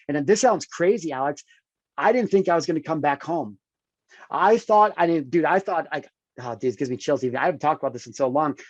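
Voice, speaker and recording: A man's voice: a little high, no echo, muffled recording. A man in his thirties, a podcast guest, telling a personal story with intensity, often addressing the host with "dude" and "check this out". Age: 30s.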